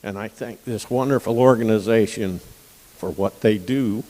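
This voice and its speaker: An older man, a guide dog client, giving an emotional, folksy graduation speech with pauses and throat-clearing. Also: fairly low pitch, warm tone, in a large hall, rough recording. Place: outdoor campus stage with audience.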